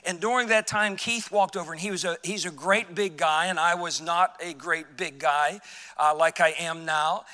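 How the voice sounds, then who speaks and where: A man preaching a sermon as pastor, telling a personal story and dropping quiet for emphasis. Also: on the high side, moderate pace, big-room sound. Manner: storytelling, acts out quoted voices, drops quiet for emphasis. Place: church sanctuary.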